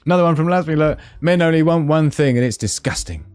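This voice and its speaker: A man's voice: fairly high pitch, animated, fast, hardly any pauses, a little mellow, smooth, dry recording, soft background music. A man hosting a casual live stream, chatting and laughing as he reads out memes. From Scotland.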